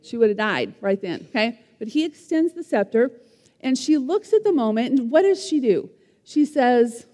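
A woman retelling a Bible story as a lively lesson, in an animated way, often putting questions to her listeners. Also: on the high side, moderate pace. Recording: long hall reverb.

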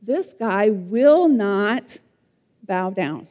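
A woman's voice: mid-range voice, lively intonation, extremely slow, darkish tone, long reverb tail, pitched below the performer's own voice. A woman voicing a power-hungry, resentful male courtier who grumbles emphatically. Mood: angry.

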